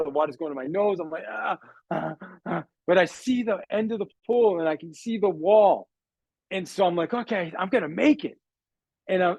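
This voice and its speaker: A man, a sales trainer, telling a personal story in a motivational talk, animated and acting out the dialogue while calling his listeners "guys". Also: sits high, dry recording, poor audio. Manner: acts out quoted dialogue in the story.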